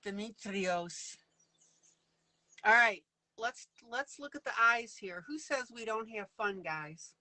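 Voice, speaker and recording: A woman's voice: a little high, expressive, measured pace, sharp tone, dry recording, low-quality recording. A woman leading a casual live coloring lesson, chatty and playful, laughing often as she works. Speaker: online coloring teacher.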